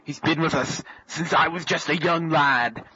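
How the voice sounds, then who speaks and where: A man's voice: a little high, normal speed. A man voicing a folksy male sidekick detective with a drawl who keeps saying "boy", in an amateur improvised radio comedy. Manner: drawling, ends lines with "boy". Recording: muffled lo-fi tape with loud hiss.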